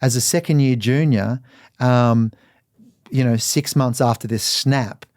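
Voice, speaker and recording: A middle-aged Australian man, a podcast guest, telling candid personal stories in an animated way. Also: mid-range voice, unhurried, dry recording, clean studio sound. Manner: animated, acts out quoted voices. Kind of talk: candid storytelling.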